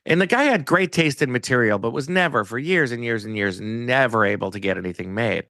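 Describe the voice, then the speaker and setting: A man's voice: medium pitch, a little fast, no echo. A man telling a personal story in a casual way, acting out the voices of the people in it. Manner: animated, acts out quoted dialogue. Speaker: guest storyteller.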